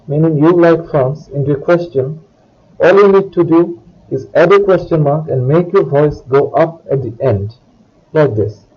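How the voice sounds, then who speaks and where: A man's voice: on the high side, moderate pace, breathy edge, lo-fi sound. A man teaching a language lesson, explaining each point in a scripted way and reading example phrases aloud. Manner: reads French words and phrases for the listener to repeat. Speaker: French teacher.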